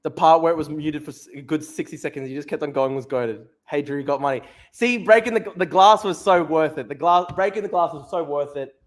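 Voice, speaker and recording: A man's voice: fairly high pitch, brisk, few pauses. A man hosting a livestream, swearing and laughing at himself as he rants. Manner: swearing, self-mocking, laughing often. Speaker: streamer host. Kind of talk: livestream rant.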